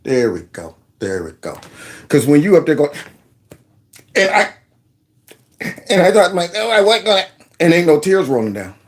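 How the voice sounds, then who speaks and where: A man hosting a video commentary, reacting to clips in an animated, sarcastic, conversational way. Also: fairly high pitch, normal speed, pauses often. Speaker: host.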